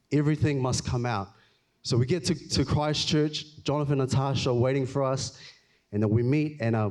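A man giving an earnest, emotional personal testimony in church, often halting and repeating himself. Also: mid-range voice, a little mellow. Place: church hall.

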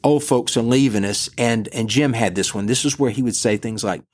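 A man's voice: medium pitch, moderate pace, slightly rough. A middle-aged man, a priest giving a podcast Bible teaching in a conversational storytelling manner. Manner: conversational storytelling, relaxed asides.

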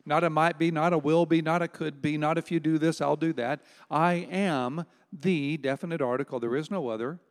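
Emphatic preacher in a reverberant hall. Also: male voice, fairly high pitch. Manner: emphatic, slows down to stress key words. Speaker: pastor. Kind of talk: sermon.

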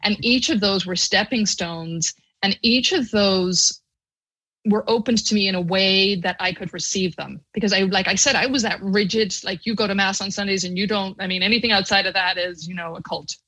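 A middle-aged woman from Ireland with an Irish accent, a podcast guest telling her personal story in an earnest, animated way. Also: medium pitch, moderate pace, breathy edge, rough recording.

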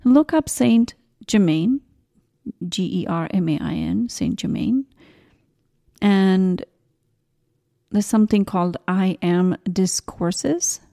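A woman in her forties hosting a spiritual podcast, talking gently in a rambling way with tangents and restarts. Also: lowish voice, takes it slowly, creaky, long pauses. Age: 40s. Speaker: podcast host. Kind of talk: casual spiritual podcast talk.

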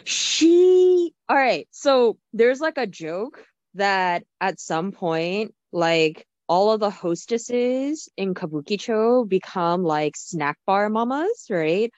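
A woman's voice: mid-range voice, lively intonation, slow pace, darkish tone, dry recording, muffled recording. A woman co-hosting a podcast, chatting casually in a blunt, opinionated way. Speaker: podcast co-host. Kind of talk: casual chat.

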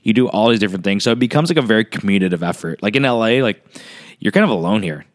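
A man co-hosting a casual chat, talking fast with lots of fillers, swearing, joking and acting out quotes. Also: lowish voice. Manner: animated, filler-heavy, swears and jokes, acts out quotes. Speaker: podcast co-host.

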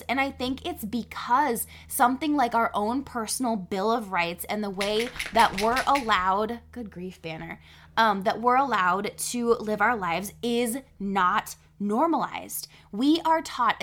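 A woman hosting a podcast alone, talking in an animated way, often laughing and checking in with "right?". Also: a little high. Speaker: podcast host. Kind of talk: solo podcast talk.

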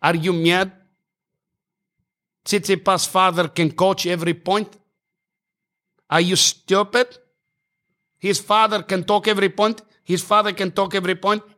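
Guy putting on an angry tennis player, higher pitched, hammering the umpire with the same questions. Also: measured pace, long pauses. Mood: badgering. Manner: shouting demands, repetitive and badgering. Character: furious young male tennis player berating an umpire.

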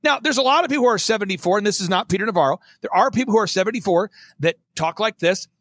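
A man's voice: high-pitched, fairly bright tone. A man talking as a guest on a talk show, emphatic and driving, repeating his points for effect. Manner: emphatic, repetitive, fast-driving. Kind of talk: energetic talk-show conversation.

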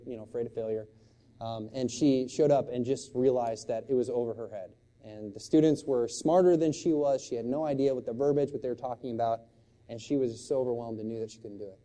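A middle-aged man preaching a sermon as pastor, shifting from loud, impassioned exclamations to quiet, hushed storytelling. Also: medium pitch.

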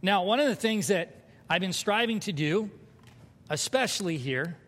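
A man preaching a sermon as pastor, animated and conversational, with humor. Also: high voice, moderate pace. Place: church sanctuary. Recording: hall reverb.

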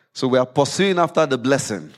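A man preaching a sermon in a church service, reading scripture aloud with rising emphasis and dropping low to explain it.

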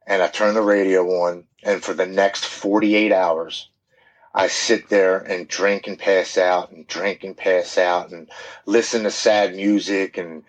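Low-voiced man telling his story. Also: steady tone, unhurried, rough recording. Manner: candid, plain-spoken, with frequent restarts. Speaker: podcast guest. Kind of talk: personal storytelling.

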